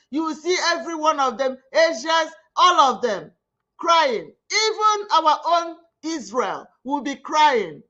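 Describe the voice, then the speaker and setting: A woman's voice: high voice, sharp tone, dull audio. A woman with a Nigerian Igbo accent, hosting her own media channel and making an impassioned, pleading spoken appeal with heavy repetition. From southeastern Nigeria. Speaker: online media host.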